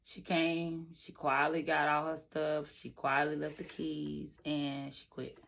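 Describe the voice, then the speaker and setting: A woman's voice: low voice, flat delivery, slow pace, creaky, fairly bright tone. A woman telling her own true story in an emphatic way, speaking straight to her listeners. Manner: emphatic, talks straight to the audience. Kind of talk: personal storytelling vlog.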